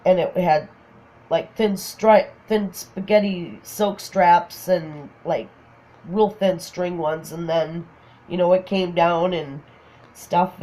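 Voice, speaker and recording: A woman's voice: fairly low pitch, warm tone, poor audio. A woman with a Minnesotan accent casually telling a funny personal story, often laughing. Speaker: craft vlogger.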